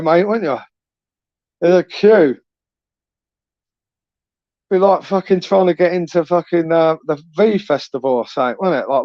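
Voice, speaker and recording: A man's voice: a little high, a little mellow, dry recording. A man hosting a casual live stream, chatting in slang, tagging questions onto his sentences and reading out viewer comments. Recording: dull, lo-fi, dry.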